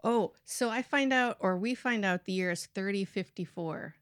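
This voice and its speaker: A woman hosting a podcast in casual chat, animated, laughing a lot and swearing. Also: mid-range voice, normal speed, smooth. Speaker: podcast host.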